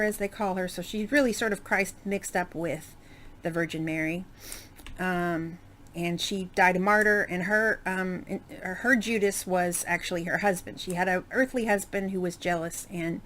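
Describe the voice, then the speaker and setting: A woman's voice: fairly low pitch, fairly bright tone, a little hiss or hum. A woman giving casual let's-play commentary, chatty and rambling, with many fillers and asides. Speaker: game streamer.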